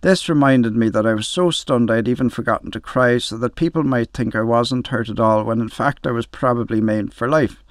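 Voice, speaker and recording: A man's voice: medium pitch, fairly quick, few pauses, dry recording, studio quality. An older man narrating a short story in a wry storytelling manner. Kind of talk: audiobook story reading.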